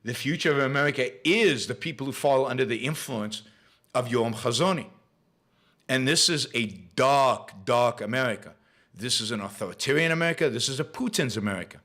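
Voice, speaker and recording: Forceful, bright-voiced male show host. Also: mid-range voice, brisk. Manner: emphatic and opinionated, repeats phrases for emphasis. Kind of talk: solo political commentary monologue.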